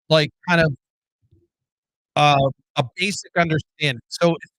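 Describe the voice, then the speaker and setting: A man's voice: a little high, a bit bright, no echo, rough recording. A man hosting his own talk show alone, blunt and rambling, cursing often and restarting sentences. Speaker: podcast host. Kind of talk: solo casual monologue.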